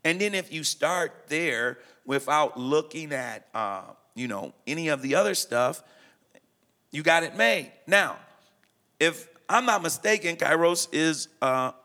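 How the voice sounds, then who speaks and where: A man's voice: fairly high pitch, animated, unhurried, pushed and bright. A middle-aged man, a pastor, talking emphatically in a preaching style and quoting scripture. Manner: emphatic, quotes scripture, repeats phrases.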